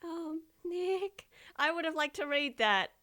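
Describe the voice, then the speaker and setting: A woman's voice: high voice, animated, slow pace, bright, forceful tone, a little hiss or hum, voice pushed up, exaggerated voice. Woman doing a bubbly young sidekick. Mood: excited. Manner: eager, bubbly.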